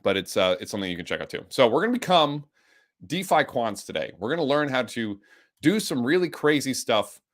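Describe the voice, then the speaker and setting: A man with the hiccups, teaching a live coding lesson with an enthusiastic, energetic way of explaining. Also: mid-range voice, fairly quick. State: has the hiccups. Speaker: instructor.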